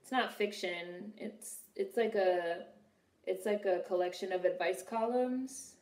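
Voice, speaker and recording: A woman's voice: medium pitch, measured pace, darkish tone, echoey room. A young woman casually commenting on a film during a live stream, swearing freely and answering her chat. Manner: chatty, swearing, reads and answers viewer chat.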